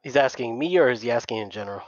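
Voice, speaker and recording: A man's voice: mid-range voice, rapid-fire, dry recording, highs cut off. A man playing in a tabletop game, speaking plainly and directly in character. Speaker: player.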